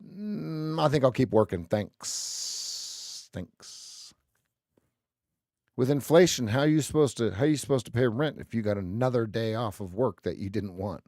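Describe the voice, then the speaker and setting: Blunt, sarcastic ranting man with a lively voice. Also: mid-range voice, unhurried, dry recording, clean studio sound. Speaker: trading stream host. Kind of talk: live trading stream chat.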